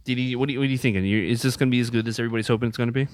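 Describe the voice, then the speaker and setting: An excitable man hosts a casual group chat. He rambles along and fills his talk with ums and uhs. His voice sits mid-pitched and is recorded dry and close. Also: racing, no room sound. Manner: excitable, rambling with many fillers. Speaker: podcast host.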